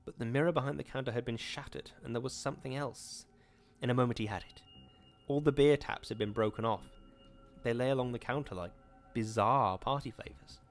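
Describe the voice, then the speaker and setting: A man hosting a show, reading a horror story aloud in a steady, measured way. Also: mid-range voice.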